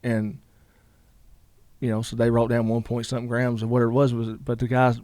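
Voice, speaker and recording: A man's voice: mid-range voice, completely flat delivery, fairly quick, darkish tone, dry recording. A man, a guest telling a long story in a casual interview, rambling with lots of "you know" asides.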